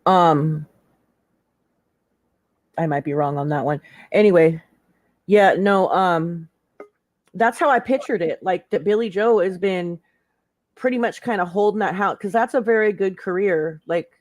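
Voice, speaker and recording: A woman's voice: on the low side, measured pace, pauses often, a little mellow, dry recording. A woman guest on a live stream panel, talking casually in a slangy way, full of "like" and filler. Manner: chatty, slangy, lots of "like" and "hella".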